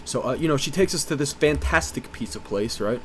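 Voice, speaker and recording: A man's voice: mid-range voice, expressive, fairly quick, a bit bright, slight background noise. Rambling, swearing storytime guy. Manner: rambling, profane, lots of "uh" and "you know". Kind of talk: casual storytime monologue.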